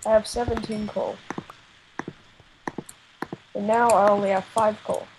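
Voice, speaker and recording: A woman's voice: medium pitch, level tone, a little slow. A young woman playing along in a game, giggly and playful, on a weak headphone mic. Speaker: co-player. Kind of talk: casual gameplay chat. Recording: noisy, quiet headphone-mic call.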